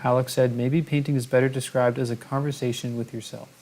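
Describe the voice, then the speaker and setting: A man's voice: mid-range voice, little pitch movement, brisk, a little mellow. Man reading chat with playful banter. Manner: reads viewer comments aloud, playful banter. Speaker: livestream co-host reading chat. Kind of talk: casual chat.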